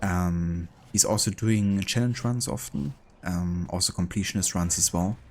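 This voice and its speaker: Low-voiced German man streaming. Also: normal speed. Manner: relaxed and chatty, with easy laughs. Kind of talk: casual gameplay chat with viewers.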